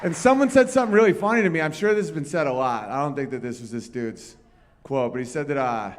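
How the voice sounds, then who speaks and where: A man's voice: a little high, expressive, quick pace. A man doing a live stand-up set on a comedy club stage, telling profane, rambling stories and bantering with the crowd. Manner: crude, profane, rambling storytelling.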